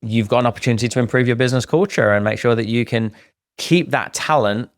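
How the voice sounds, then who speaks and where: A middle-aged man co-hosting a casual podcast, talking in an animated way and acting out what other people say. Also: medium pitch, quick pace, no room sound, clean studio sound. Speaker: podcast co-host.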